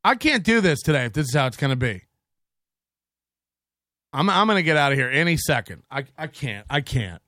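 A man's voice: on the high side, sing-song, a little fast, long pauses, bright, forceful tone, no room sound, clean studio sound. Profane, ranting man podcast host. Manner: profane, mocking, rambling rant. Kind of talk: casual rant reading chats.

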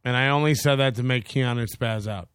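A man's voice: medium pitch, a little fast, fairly bright tone, smooth, dry recording, studio quality. A man hosting a live stream, giving mocking, sarcastic commentary on a clip and reading chat comments aloud. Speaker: stream host reacting to clips.

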